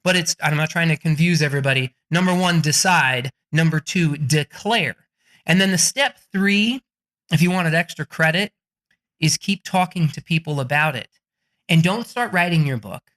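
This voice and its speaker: Brash, bright-voiced man giving advice. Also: fairly high pitch, moderate pace. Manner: brash, profane, acts out quoted people. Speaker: guest author. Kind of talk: energetic podcast advice.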